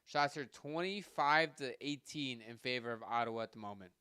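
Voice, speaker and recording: A man giving live hockey play-by-play from home, rattling off passes and shots and getting louder on goals, with casual asides to his listeners. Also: mid-range voice, normal speed, clear, resonant tone, no echo, clean studio sound. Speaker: podcast host doing live play-by-play.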